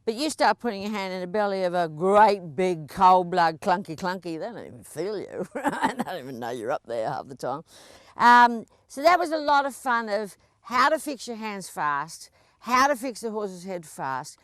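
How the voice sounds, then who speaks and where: A woman's voice: medium pitch, very animated, normal speed, fairly bright tone, no room sound, clean studio sound. A woman riding instructor coaching a rider through a lesson at a horse arena, chatty and encouraging, with frequent laughs.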